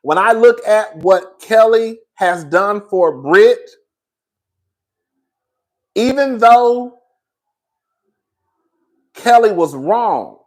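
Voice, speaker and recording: This reality TV commentator has a high, expressive voice, drawing out words and leaving long pauses. His review of a reality show is casual, opinionated, sassy, and blunt, with free swearing and viewers called girl and baby.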